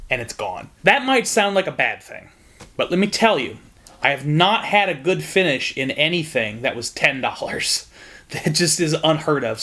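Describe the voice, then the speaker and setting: Young man, frank casual whiskey review, joking, slightly high voice. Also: a bit bright. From Southern Indiana.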